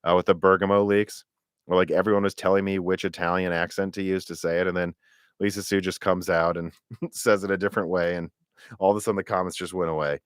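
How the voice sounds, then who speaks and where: A man with a low voice hosts a live tech Q&A stream, close on the mic and recorded dry. He rambles in an animated way, restarting and correcting himself as he goes. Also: quick pace, clean tone, no room sound. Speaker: tech podcast host.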